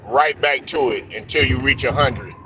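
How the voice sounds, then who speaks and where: A man's voice: medium pitch, normal speed, noisy background. A young man hosting a casual sports talk show, telling stories loosely with slang, cursing and laughs.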